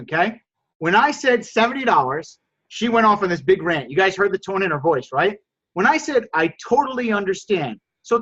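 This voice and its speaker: A man coaching a group call on lowballing, energetic and coaxing, often repeating words. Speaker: sales coach and host. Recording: dull lo-fi call audio.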